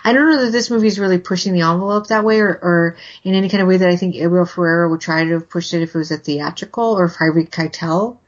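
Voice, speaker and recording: A woman's voice: lowish voice, fairly even intonation, fast, hardly any pauses, highs cut off. A woman co-hosting a podcast in casual chat about TV movies, talking loosely with many fillers. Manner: chatty, with many "like" fillers and laughs. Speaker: podcast co-host.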